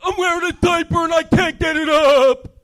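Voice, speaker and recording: Shouting cranky old man. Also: steady tone, normal speed. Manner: shouting, high strained voice.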